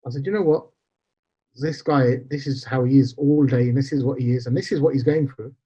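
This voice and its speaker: A middle-aged man, a podcast guest, telling stories in an animated, chatty way. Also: medium pitch, fairly quick, breathy edge. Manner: storytelling, animated. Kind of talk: casual interview chat. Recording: dull lo-fi sound.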